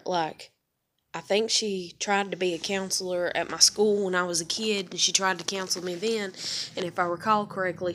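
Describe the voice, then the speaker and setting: A young woman, rambling emotionally and swearing as she searches for words in a personal confession. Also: medium pitch. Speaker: vlogger.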